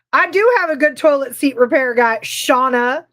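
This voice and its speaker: A woman's voice: sits high, unhurried, fairly bright tone. A woman co-hosting a casual livestream podcast, bubbly and rambling, laughing often as she chats and greets viewers. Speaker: podcast co-host.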